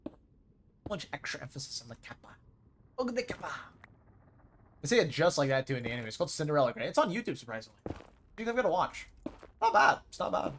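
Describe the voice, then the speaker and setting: A man chatting casually while streaming a game live, rambling excitably and tripping over repeated words as he gets going. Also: fairly high pitch, fast talker, a little hiss or hum. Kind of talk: casual live gaming commentary.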